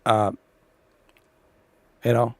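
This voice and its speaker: A man's voice: mid-range voice, little pitch movement, very slow, a little mellow, no echo. Profane rambling male gaming host. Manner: profane, blunt, rambling with many fillers. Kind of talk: casual rant over gameplay.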